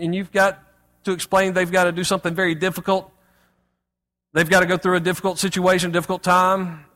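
A man with a high, bright voice delivers an expressive sermon as a pastor. He reads scripture aloud and leans hard into each point. The sound rings out in a large church sanctuary with long reverb trailing behind every phrase.

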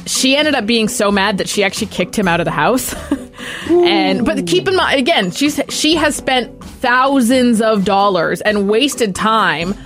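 A woman's voice: a little high, expressive, a little slow, a bit bright, faint music behind. A woman co-hosting a radio show, telling a story in casual banter with fillers. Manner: chatty storyteller with fillers and laughs. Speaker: radio co-host. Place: radio studio.

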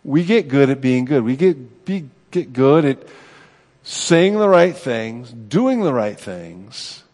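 A man's voice: mid-range voice, sing-song, slow pace, darkish tone. Middle-aged male pastor, casual sermon delivery, mid-range voice, reverberant church hall. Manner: conversational, self-deprecating preaching with rhetorical "right?".

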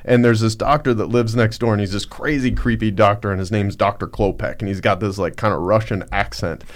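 A man on a podcast, recounting a personal story in a halting, reflective way with many fillers. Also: lowish voice, fairly even intonation. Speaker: podcast guest. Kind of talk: casual storytelling.

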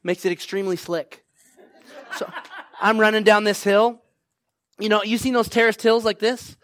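A man's voice: high-pitched, fairly even intonation, normal speed, fairly bright tone, no echo. A man preaching a sermon to his congregation, exhorting them and asking "right?" and "come on now" over and over. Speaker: pastor.

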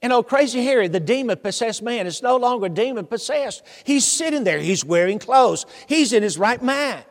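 A man's voice: very high voice, lively intonation, normal speed, hardly any pauses. A man preaching a sermon, telling the story animatedly with humor and asking the congregation questions. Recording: long hall reverb.

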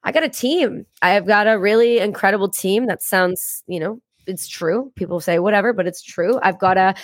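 A woman in her thirties, a podcast guest, talking in a blunt, profane and energetic way in a casual interview. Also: mid-range voice, normal speed, no echo, clean studio sound.

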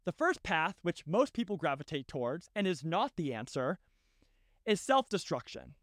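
A man's voice: on the high side, sing-song, normal speed, fairly bright tone, dry recording, studio quality. A young man hosting a podcast, telling a personal story in a casual, heartfelt way and often tagging on "right?" and "dude". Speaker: podcast host.

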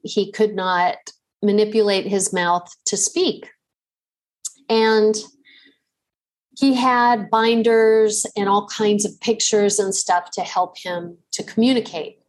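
A middle-aged woman hosting a podcast, telling a personal story in a slow, conversational way with fillers. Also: medium pitch. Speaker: podcast host.

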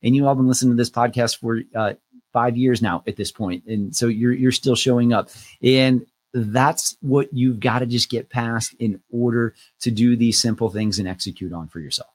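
A man's voice: mid-range voice, moderate pace, dry recording. A man in his thirties co-hosting a podcast, talking casually and a bit rambling. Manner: relaxed, rambling, frequent "uh" fillers. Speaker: podcast co-host and loan officer.

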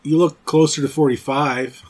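A man in his forties chats casually as a podcast host, his voice sitting a little high for a man. He rambles, jokes and swears freely as he goes. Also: fairly even intonation, moderate pace, darkish tone. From Canada. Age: 40s. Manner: rambling, profane, jokey. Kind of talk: casual chat.

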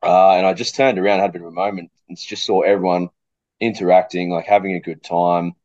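A man, a coach speaking as a podcast guest, thoughtful and pausing to repeat words, with a cough. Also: sits low, level tone, a little mellow, no room sound, muffled recording. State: coughing fit. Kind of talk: casual interview chat.

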